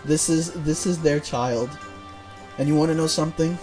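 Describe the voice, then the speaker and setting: A man's voice: a little high, moderate pace, mellow, faint music behind. A man streaming a game, rambling and joking in casual commentary and swearing freely.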